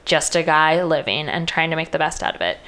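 A young woman in casual chat, retelling a film's plot in a loose, chatty way full of "like" and quick quoted voices. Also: sits low, animated, fairly bright tone. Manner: chatty, heavy use of "like", breaks into quoted voices.

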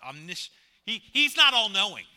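A high-pitched, very animated man preaches smoothly at normal speed. As pastor he's emphatic, repeating key phrases, shifting from loud to quiet, and joking with the congregation as he asks questions.

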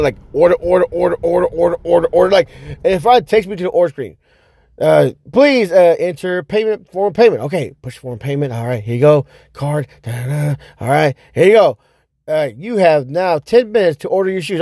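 A man hosting his own podcast, telling a story in a loose, rambling way, with many fillers and repeats, and loudly acting out his own reactions. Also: fairly high pitch, no room sound. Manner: animated, acts out his own past reactions with sudden loud outbursts. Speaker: podcast host. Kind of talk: casual storytelling monologue.

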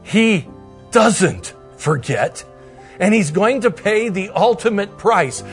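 A man teaching through a Bible passage in a conversational way, sometimes dropping to a soft hush for emphasis. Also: high-pitched, big pitch swings, slow pace, music in the background.

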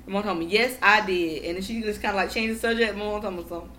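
A woman guest in casual podcast chat, telling profane, animated stories and acting out what people said. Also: mid-range voice, fast talker, a little hiss or hum. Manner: animated, profane storytelling with acted-out quotes.

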